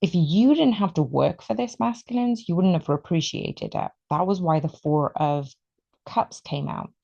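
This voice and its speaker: A woman giving an excitable, emotional tarot reading, stretching out her words for emphasis. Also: on the low side, moderate pace, gravelly, muffled recording. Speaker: tarot reader.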